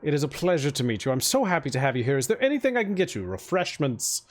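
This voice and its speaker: A man's voice: a little high, big pitch swings, quick pace. A man voicing a fussy, effusive male town mayor who fawns over his guests in a tabletop game. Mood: gushing. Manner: effusive, overly polite host.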